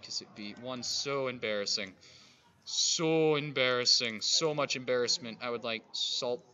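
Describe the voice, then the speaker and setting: A man streaming a survival game, muttering and grumbling and swearing at creatures, with sudden loud outbursts. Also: medium pitch, highs cut off, slight background noise. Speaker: gaming streamer. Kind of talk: casual let's-play commentary.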